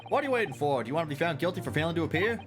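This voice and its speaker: A man voicing a gruff male court guard who barks orders. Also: fairly high pitch, sing-song, unhurried, pitched above the performer's own voice. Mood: barking. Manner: barking orders. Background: game music.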